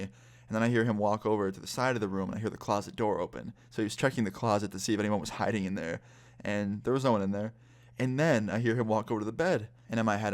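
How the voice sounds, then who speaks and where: A man of about twenty, a vlogger telling a story in casual storytime style, swearing freely and retelling it in a lively way. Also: fairly low pitch, quick pace.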